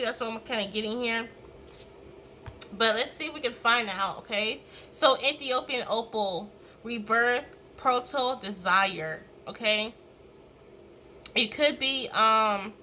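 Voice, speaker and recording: A woman's voice: on the high side, sharp tone, a little hiss or hum, poor audio. A woman giving a casual tarot reading, rambling and swearing freely as she acts out reactions. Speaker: tarot reader.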